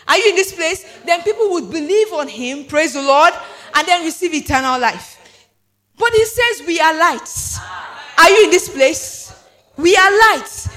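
A man pastor preaching a fervent shouted sermon to a congregation, breaking into speaking in tongues. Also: very high voice. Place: church before a congregation.

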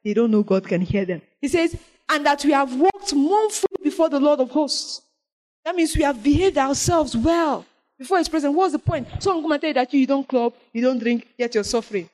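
A woman with a high, bright-pitched voice preaches to her congregation. She reads scripture in a slow, deliberate way. Then she presses her points with animated emphasis. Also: low-quality recording. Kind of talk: sermon.

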